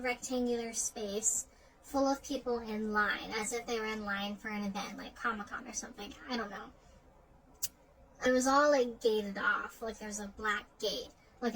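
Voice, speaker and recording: A woman's voice: fairly high pitch, rough recording. A woman casually retelling a dream in a rambling way, full of "like" fillers and restarts. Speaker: storyteller.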